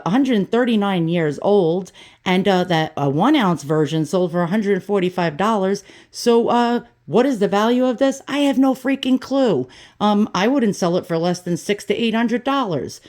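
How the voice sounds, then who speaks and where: A woman's voice: medium pitch, a little mellow. A woman in her fifties rambling through a casual home vlog in her kitchen, sarcastic and cranky, swearing freely. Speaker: YouTube vlogger.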